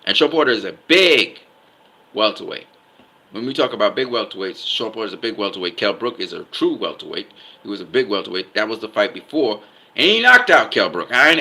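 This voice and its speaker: A man's voice: lowish voice, lively intonation, quick pace, bright, forceful tone, rough recording. A man giving casual boxing commentary, emphatic, often repeating himself and stopping to ask "okay?".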